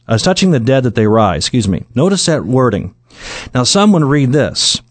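A middle-aged man preaching verse by verse in an earnest, conversational tone, often pausing on "uh" and restarting his sentences. His voice sits at an ordinary male pitch. The sound is close and dry, with no room echo. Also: darkish tone. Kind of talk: sermon, verse-by-verse Bible exposition.

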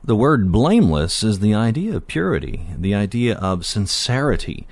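A man with a fairly low voice teaches through a Bible passage in an unhurried, conversational manner. He pauses on fillers and lifts his voice to stress key words. The recording is dry and close, with no room sound. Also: big pitch swings, a little mellow, dry recording.

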